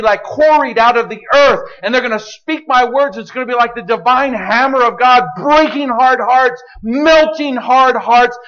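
A man voicing God as a fierce, passionate male deity proclaiming loudly. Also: very high-pitched, muffled recording, voice pushed up, heavily acted. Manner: loud, forceful proclamation.

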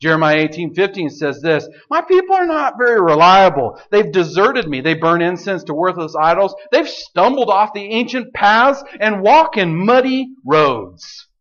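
Guy preaching a sermon, high voice that jumps all over, dull lo-fi sound. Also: moderate pace, hardly any pauses. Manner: animated, swings from loud to hushed.

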